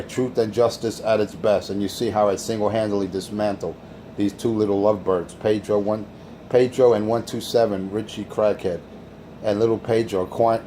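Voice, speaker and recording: A man's voice: on the low side, warm tone, slight background noise. A man hosting a crude, taunting radio rant. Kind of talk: insult-heavy radio rant.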